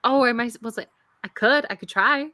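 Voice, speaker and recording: A woman co-hosting a casual writers' chat stream, animated and laughing often. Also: fairly high pitch, a little fast, dry recording. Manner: animated, laughs often, reads excerpts aloud. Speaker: writing stream co-host.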